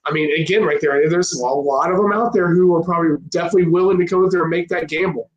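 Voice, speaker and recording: A man co-hosting a casual football podcast talks at a quick clip in a slightly high voice. He rambles and leans on filler phrases between his points. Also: steady tone, lo-fi sound. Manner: rambling, with constant fillers like "right there" and "I mean". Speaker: podcast co-host.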